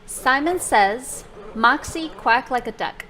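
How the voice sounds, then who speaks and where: A woman demonstrating a product live, giving slow, deliberate commands. Her voice sits a little high and moves at a very unhurried pace. Faint noise runs underneath. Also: lively intonation, pushed and bright.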